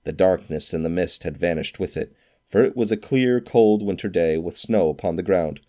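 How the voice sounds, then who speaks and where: Narrating a classic novel, a man with a very deep, dark voice tells the story expressively at a moderate pace. For quoted lines, he slips into character.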